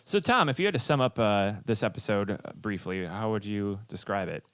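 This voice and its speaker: A man's voice: fairly low pitch, very animated, brisk, noisy background. A man hosting a casual podcast chat, rambling with many fillers and restarts. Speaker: podcast host.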